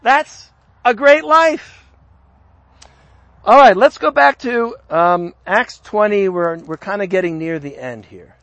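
A man's voice: high-pitched, lively intonation, normal speed, hardly any pauses, a bit bright, dry recording. A man preaching a sermon, chatting in a conversational way and lifting his voice for emphasis when he reads scripture. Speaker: pastor.

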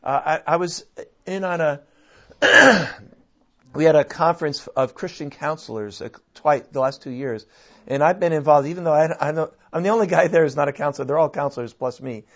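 Animated man on a dull lo-fi recording. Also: on the high side, fairly quick. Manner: animated, restarts often, laughs. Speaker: guest speaker on church and culture. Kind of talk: conversational discussion. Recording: dull lo-fi sound.

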